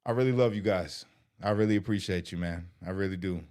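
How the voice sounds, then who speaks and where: A middle-aged man with a low voice speaks earnestly to his viewers in a loose, rambling vlog. He gets emotional as he talks and keeps saying "you know". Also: a little fast, darkish tone. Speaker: vlogger. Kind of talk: heartfelt casual talk to viewers.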